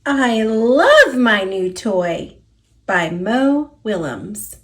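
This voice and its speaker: A woman with an American accent reading children's picture books aloud, slowly and carefully enunciated. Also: fairly high pitch, big pitch swings, a bit bright. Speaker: children's book reader. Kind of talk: picture book read-aloud.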